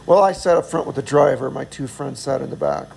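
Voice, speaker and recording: A man's voice: mid-range voice, a little fast, vocal fry, a little mellow, a little hiss or hum, rough recording. A middle-aged man telling a travel story in a casual, rambling way, chuckling often and poking fun at himself. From United States. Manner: chuckling, self-deprecating, rambling. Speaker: vlogger.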